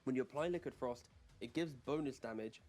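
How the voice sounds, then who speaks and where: Guy casting a match, breaking down mechanics, low music behind him. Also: a little fast, darkish tone. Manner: explanatory, breaks down hero mechanics. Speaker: esports commentator. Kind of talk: analytical match commentary.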